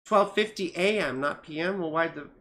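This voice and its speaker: A woman astrologer chatting casually on a livestream, rambling with many fillers and grumbling at her software. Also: fairly low pitch, moderate pace. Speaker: astrologer reading charts on a livestream.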